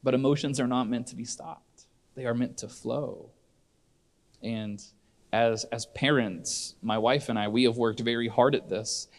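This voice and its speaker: A man's voice: medium pitch, fairly even intonation, unhurried. A middle-aged man preaching a sermon in church, earnest and conversational, often restarting his sentences. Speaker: pastor.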